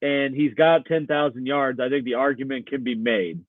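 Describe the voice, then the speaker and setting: A man on a sports podcast, measured and agreeable in his views. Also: medium pitch, no echo, phone-quality sound. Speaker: podcast panelist. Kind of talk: casual sports chat.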